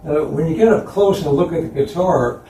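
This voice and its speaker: A man delivers a conference lecture about images on screen, relaxed and laughing lightly between points. His voice is mellow and dark, and it is picked up from across an echoey hall. A faint background hiss runs under the talk. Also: on the high side, moderate pace. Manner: relaxed, chuckling asides. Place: concert hall. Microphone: distant room mic. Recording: roomy, distant hall recording.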